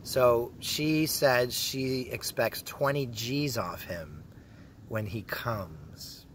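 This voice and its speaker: A young man from Canada rambling crudely through a casual vlog, joking a lot and often dropping to a hushed mutter, recorded outdoors in a public spot. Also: medium pitch, very slow, a little hiss or hum. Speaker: vlogger.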